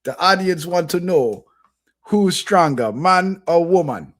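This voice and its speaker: A man's voice: high-pitched, lively intonation, slow, a bit bright, pitched above the performer's own voice, heavily acted. Brief: raised, curious Jamaican-accented monkey interviewer, put on by a man. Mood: questioning. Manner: curious, asks questions. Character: laid-back male monkey talk-show host.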